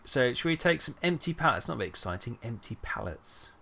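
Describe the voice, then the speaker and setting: A man's voice: medium pitch, big pitch swings, brisk, creaky, bright, forceful tone. A man streaming a trucking game, rambling and thinking aloud with lots of fillers. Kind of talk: casual gameplay chat.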